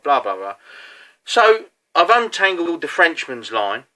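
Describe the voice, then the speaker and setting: A man with a very bright, forceful voice tells a match story in casual fashion. He rambles a little, dropping fillers and asides as he goes, and never sounds scripted. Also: mid-range voice, animated, normal speed. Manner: chatty, with many fillers and asides. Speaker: competitive angler.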